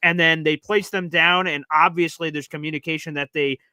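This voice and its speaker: A man co-hosting a show, chatting casually and telling a rambling story with animated impressions. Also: fairly high pitch, a little fast, clean tone, no room sound. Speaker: podcast co-host. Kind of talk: casual chat.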